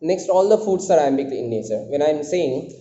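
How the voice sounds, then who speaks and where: Brief: male literature lecturer, dark and mellow timbre, fairly high voice, patient, repetitive explaining; echoey lo-fi recording. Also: expressive, a little fast. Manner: repetitive explaining, frequent "now" and "uh". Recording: echoey room, dull lo-fi sound, faint noise.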